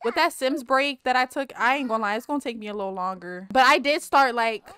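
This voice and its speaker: A woman giving casual, animated commentary on her game, talking straight to viewers, swearing and laughing often. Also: fairly high pitch, fast, smooth, no echo, clean studio sound. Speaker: Let's Play creator.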